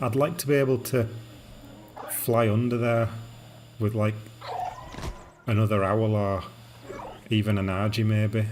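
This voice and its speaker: A man streaming a game live, chatting casually and narrating what he does in a relaxed way. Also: on the low side. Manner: relaxed, narrating his gameplay.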